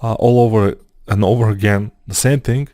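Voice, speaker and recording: A man's voice: fairly low pitch, fairly even intonation, normal speed, warm tone, no room sound. A man casually giving advice about learning, repeating words as he thinks aloud with frequent fillers.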